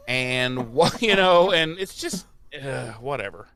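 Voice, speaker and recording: Animated man, smooth clear voice. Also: mid-range voice, takes it slowly, hardly any pauses. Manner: animated, acts out quotes in exaggerated voices. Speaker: podcast co-host. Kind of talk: casual profane recap chat.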